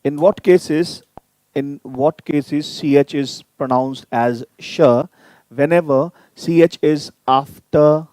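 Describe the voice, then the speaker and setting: A man teaching German in a live online lesson, repeating each sound slowly so viewers can copy it and inviting them to type in questions. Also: fairly high pitch, warm tone, no echo. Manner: addresses viewers directly, inviting typed questions.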